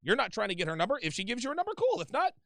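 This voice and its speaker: Blunt, profane host with a high gravelly voice. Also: male voice, wildly swooping pitch, very fast, fairly bright tone, no echo, studio quality. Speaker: host taking calls. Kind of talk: call-in advice show.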